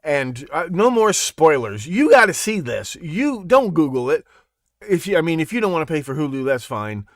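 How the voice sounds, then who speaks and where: A man hosting a live talk show, rambling and animated, with lots of asides and self-corrections. His voice sits a bit high for a man and swings widely in pitch. The sound is dry and close, with no room around it. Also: normal speed, dry recording. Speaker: podcast host. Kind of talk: casual monologue on a live show.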